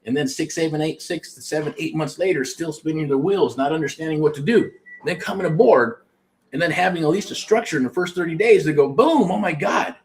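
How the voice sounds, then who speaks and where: A middle-aged man from the United States hosting a show, talking casually and pitching a program, rambling with restarts and frequent swearing. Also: a little fast. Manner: rambling, profane, self-interrupting. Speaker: host. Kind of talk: casual promotional talk.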